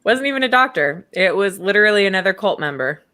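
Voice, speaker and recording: A woman's voice: medium pitch, expressive, fast talker, sharp tone. A young woman co-hosting a true crime podcast, telling the story casually and acting out the quotes with laughs. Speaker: podcast co-host.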